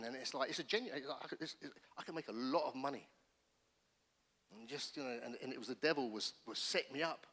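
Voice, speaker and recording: A middle-aged man shares his testimony from the pulpit, his voice bright and forceful. He tells the story in an animated way, restarting phrases as he goes. The sound rings out with the long reverb of a church hall. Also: medium pitch, quick pace. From England. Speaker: pastor. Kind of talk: personal testimony sermon.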